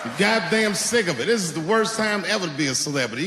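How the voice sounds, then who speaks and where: A man telling profane stand-up stories on a large stage into a handheld mic. His voice sits high and swings widely as he shouts his punchlines. The long hall reverb and audience noise mark it as a live theater recording. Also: expressive, quick pace. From Washington, D.C. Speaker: stand-up comedian.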